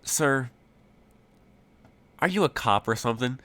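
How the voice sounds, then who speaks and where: A stone-faced leprechaun druid, as a man puts him on for a tabletop game. He talks in a higher, dismissive voice, plainly unamused by whoever is in front of him. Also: animated, measured pace, bright, forceful tone.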